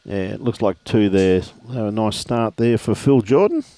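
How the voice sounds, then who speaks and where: A middle-aged Australian man with a lowish, warm voice commentates a lawn bowls livestream at normal speed, with no echo. His relaxed, matey style includes greeting viewers by name with shout-outs.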